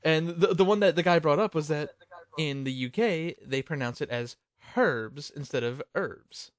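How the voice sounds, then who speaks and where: A man's voice: fairly high pitch, fairly quick, clean tone, no room sound, clean studio sound. An American man on a casual group call, chatty and explaining things with examples. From United States. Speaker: cast member of a fan abridged series.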